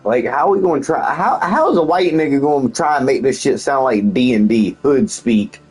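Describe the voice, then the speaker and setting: A man's voice: medium pitch, lively intonation, normal speed, breathy edge, faint music behind, poor audio. A man streaming a video game and chatting casually, joking and swearing a lot and laughing often. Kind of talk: casual gameplay commentary.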